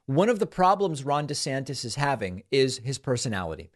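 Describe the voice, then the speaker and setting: A man hosting a political commentary show, sarcastic and mocking as he talks over clips. His voice sits at an ordinary middle pitch. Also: very animated, a little fast. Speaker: political talk show host.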